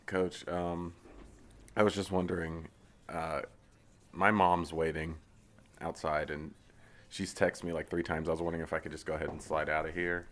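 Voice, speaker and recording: A man's voice: low voice, little pitch movement, moderate pace, long pauses, a bit bright. A man playing a hesitant young football player who mumbles and restarts his words. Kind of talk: comedy sketch acting.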